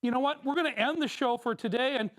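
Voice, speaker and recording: A bumbling TV news anchor keeps repeating himself and tripping over words, as a woman plays the part in an improv scene. The voice is fairly high. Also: quick pace, natural voice.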